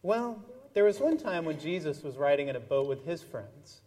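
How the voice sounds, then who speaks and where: A man leading a children's message in church, telling an animated, playful story with toys. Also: fairly high pitch, moderate pace. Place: large church sanctuary. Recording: long church reverb.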